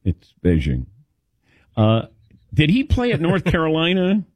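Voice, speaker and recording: A middle-aged man from the American Midwest hosts a sports radio show in casual banter. His pitch swings widely as he tells stories, and the studio sound is dry and close. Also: measured pace, no room sound. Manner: lively storytelling with laughs.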